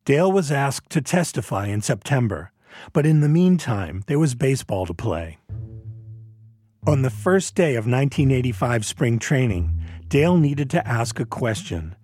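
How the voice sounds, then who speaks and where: A man reading scripted documentary narration in a measured, even way. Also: medium pitch, slightly rough.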